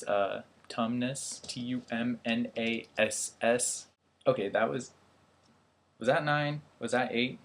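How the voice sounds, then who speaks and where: A man's voice: fairly low pitch, gravelly, a bit bright, a little hiss or hum. Rambling, self-mocking young man. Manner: rambling, self-deprecating, laughs at himself. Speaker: vlogger, airman. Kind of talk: casual vlog chat.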